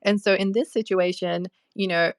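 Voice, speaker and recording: A woman's voice: medium pitch, fairly even intonation, moderate pace, no room sound. Chatty woman host with a dry sound. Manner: chatty, many fillers and self-corrections. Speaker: host leading a dating session. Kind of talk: casual storytelling talk.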